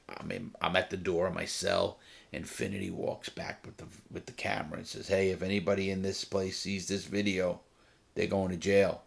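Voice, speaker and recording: A man's voice: low voice, vocal fry. A man, a former prisoner, casually telling his own story to camera, rambling and repeating phrases for emphasis.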